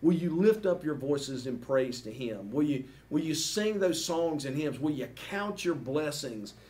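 A man's voice: fairly high pitch, expressive, a little slow, darkish tone. A man preaching a sermon as pastor, earnest and emphatic, asking the congregation repeated rhetorical questions and ending with a prayer.

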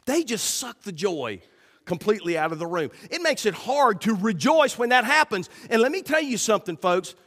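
A man's voice: high voice, big pitch swings, normal speed, a bit bright. A man preaching a sermon as pastor, talking directly to his congregation and acting out the voices of people in his stories. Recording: long reverb of a hall.

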